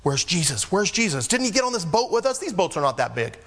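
A man's voice: very animated, fast talker, exaggerated voice. A man voicing panicked fishermen caught in a storm, asking frantic questions in a raised voice. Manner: frantic, high-pitched shouting questions. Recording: long echo of a large hall.

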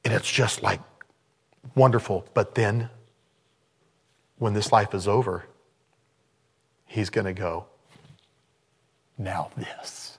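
A man in his sixties, a pastor giving an informal sermon, who swings between loud exclamations and hushed tones. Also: fairly low pitch, fairly even intonation, takes it slowly, vocal fry, pauses often, husky. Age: 60s.

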